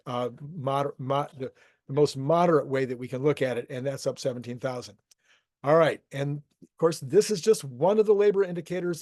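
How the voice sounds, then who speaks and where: Thinking out loud with frequent restarts, a man casually hosts his own economic commentary show. His voice is a little high with a darkish tone, and the studio sound is dry and clean.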